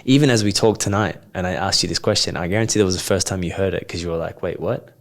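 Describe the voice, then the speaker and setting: A man in a reflective coaching conversation, asking probing questions and then calmly explaining patterns. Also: deep voice, quick pace. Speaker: coach, podcast guest.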